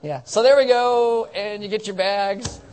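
This pastor has a high, darkish voice with fairly even intonation and a measured pace. Drowsy on cold medicine, he rambles and jokes through the announcements of a casual sermon, mocking himself along the way.

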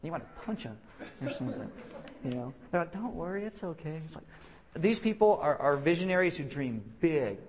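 A young man preaching a casual, joking sermon who restarts his sentences and keeps acting out quick voices to make his point. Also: on the high side, expressive, muffled recording, slight background noise. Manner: joking, self-deprecating, acts out quick voices; halting restarts and repeated words. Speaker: pastor.

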